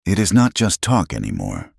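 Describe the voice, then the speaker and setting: Man doing a blunt, worldly saloon-owner woman, pressing and frank, deep voice, dry close sound, storybook reading. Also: huge pitch swings, normal speed, gravelly, darkish tone, slightly rough, no echo, exaggerated voice. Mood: urgent. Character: sharp-tongued blunt female saloon owner.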